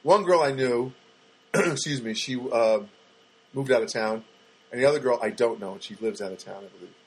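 A middle-aged man hosting a podcast, rambling through a comic monologue with halting restarts and dry, self-mocking jokes. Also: medium pitch, breathy edge, rough recording. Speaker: podcast host.

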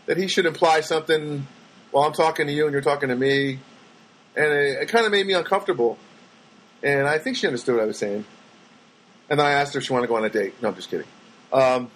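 Guy rambling through his day, husky voice that swings up and down a lot, kinda high for a man. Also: poor audio. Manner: rambling, animated, acts out voices of people he quotes. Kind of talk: casual storytelling monologue.

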